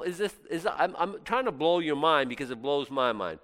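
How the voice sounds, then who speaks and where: A man preaching a sermon, swinging from loud exclamations to soft, intimate asides. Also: fairly high pitch, lively intonation, normal speed, few pauses.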